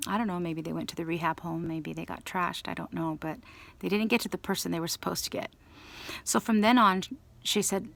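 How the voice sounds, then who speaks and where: A woman telling a long personal story in a rambling, animated way, acting out the people she quotes. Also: lowish voice, creaky. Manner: restarts and trailing asides. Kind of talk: casual storytelling monologue.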